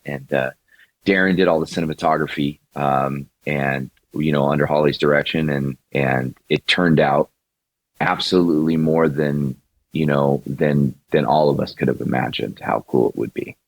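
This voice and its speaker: A man's voice: extremely low pitch, steady tone, normal speed, dry recording. A male singer-songwriter chatting as a guest, rambling with restarts and fillers. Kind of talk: casual interview conversation.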